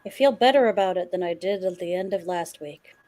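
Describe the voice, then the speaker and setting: A woman's voice: lowish voice, a little fast, dark tone, a little hiss or hum, rough recording. A woman player in a tabletop game, talking at length through her character's reasoning in casual chat.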